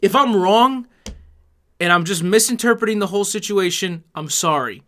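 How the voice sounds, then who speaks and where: A man's voice: high-pitched, moderate pace, bright, forceful tone. A man delivering an angry, sarcastic YouTube commentary rant, swearing heavily.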